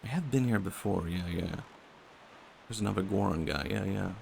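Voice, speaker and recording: Young swedish guy streaming, gravelly fry, talks soft n rambly to chat. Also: low-pitched, moderate pace, noisy background. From Sweden. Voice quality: vocal fry. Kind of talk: casual game-stream chat.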